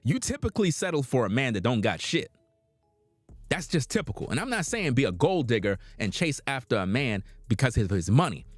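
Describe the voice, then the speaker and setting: A man's voice: medium pitch, sing-song, fairly quick, no echo, soft background music. A man giving blunt, preachy reaction commentary on a livestream, lecturing his audience in casual slang.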